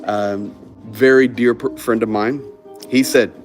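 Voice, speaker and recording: A man's voice: mid-range voice, measured pace, faint music behind. A man telling a story in casual conversation, acting out the people he quotes. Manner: animated, acts out quoted voices.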